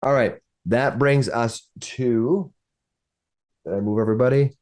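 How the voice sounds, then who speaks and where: A man's voice: medium pitch, measured pace, darkish tone. Rambling male game master. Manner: rambling, many restarts. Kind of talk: narrating a tabletop game.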